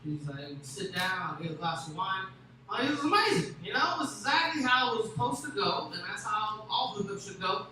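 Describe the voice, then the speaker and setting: Young male stand-up, crude rambling storyteller, hard bright tone, roomy echo, faint hiss. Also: sits high, sing-song, brisk. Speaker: stand-up comedian. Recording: echoey room with faint noise.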